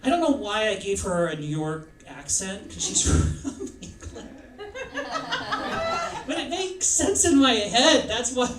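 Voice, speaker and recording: A man's voice: high-pitched, big pitch swings, measured pace, a crowd in the background. A man doing rambling, self-deprecating stand-up comedy in a comedy club. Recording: echoey club, mic from far off.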